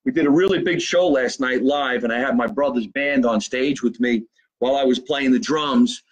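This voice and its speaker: A man with a New Jersey accent hosting a live stream from his basement, reading out viewer comments in a brash, profane, fast-talking way. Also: medium pitch, rough recording. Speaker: comedian hosting a live show. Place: home basement.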